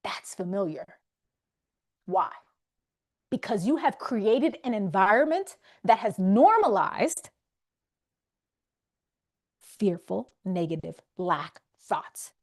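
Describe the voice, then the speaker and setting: A woman's voice: medium pitch, big pitch swings, takes it slowly, long pauses, a little mellow. A woman hosting a live faith coaching session, speaking conversationally and emphatically to her audience. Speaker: faith wellness coach and host.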